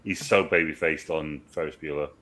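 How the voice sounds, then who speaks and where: A man co-hosting a movie review show, chatting casually and jumping in eagerly with quick remarks. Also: a bass voice, steady tone, fairly bright tone. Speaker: movie review podcast co-host. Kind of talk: casual chat.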